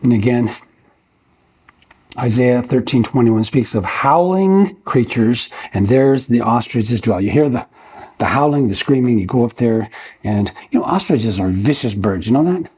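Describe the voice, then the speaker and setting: A man's voice: medium pitch, expressive, unhurried, darkish tone, slightly rough. An older man preaching a verse-by-verse sermon in a church. He talks in a folksy, conversational way, asks his listeners rhetorical questions, and keeps checking in with "okay?". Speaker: pastor.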